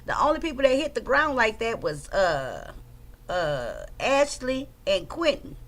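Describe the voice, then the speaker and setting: This is a woman hosting a livestream. She chats casually and greets her viewers by name. Her voice sits a little high, and her delivery is animated. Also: a little slow. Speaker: livestream host commenting on trial footage.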